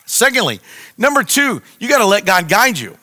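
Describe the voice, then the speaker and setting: A man's voice: sits high, very animated, normal speed, bright, forceful tone. A man pastor preaching a sermon with impassioned, repetitive cries to his listeners. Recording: long hall reverb.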